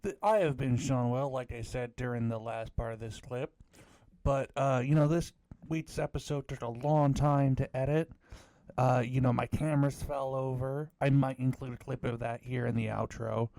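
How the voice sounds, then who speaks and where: A man's voice: medium pitch, steady tone, moderate pace, mellow, dry recording. A man hosting a podcast in casual chat, rambling with many fillers and self-mocking jokes. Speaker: podcast host.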